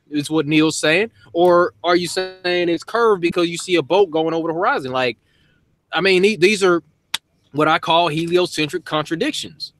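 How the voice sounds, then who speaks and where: Easygoing man with a slightly high voice. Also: a bit bright. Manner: laid-back, rambling, laughs often. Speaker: host. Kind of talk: casual chat.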